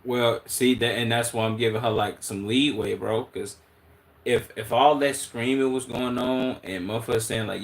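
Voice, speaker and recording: A man's voice: medium pitch, fairly even intonation, normal speed. A man with a Chicago accent, streaming and commenting casually, thinking aloud in slang with many restarts.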